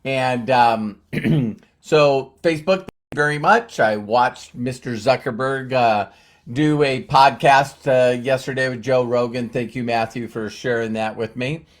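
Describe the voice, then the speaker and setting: This man runs a live stream, chatting with the audience and welcoming people by name. He speaks a little slowly at medium pitch, with plenty of fillers and words said twice.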